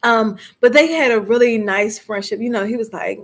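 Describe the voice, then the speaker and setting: A woman with a slightly high voice hosts a live movie discussion. She talks casually to her viewers, lively and chatty, often breaking into laughter. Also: normal speed.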